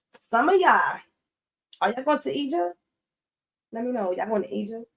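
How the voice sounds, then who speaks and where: A woman's voice: fairly high pitch, big pitch swings, normal speed, pauses often, low-quality recording. A woman doing a casual tarot reading for her viewers in a loose, chatty way. She talks bluntly, cusses freely and hammers her points home by repeating them. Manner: blunt, swears freely, emphatic repetition. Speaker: tarot reader.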